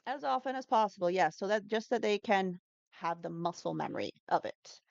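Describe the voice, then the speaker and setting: A woman's voice: mid-range voice, animated, brisk, creaky, darkish tone, dry recording, muffled recording. A woman who teaches English pronunciation, chatting as an interview guest with lots of fillers and self-corrections. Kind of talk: casual interview answers.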